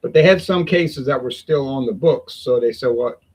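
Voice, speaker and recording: A man's voice: mid-range voice, moderate pace, darkish tone, breathy edge, rough recording. A man chatting casually and rambling in a folksy way, talking at home in the heat with the windows open. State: sweating in the heat. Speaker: beer review vlogger.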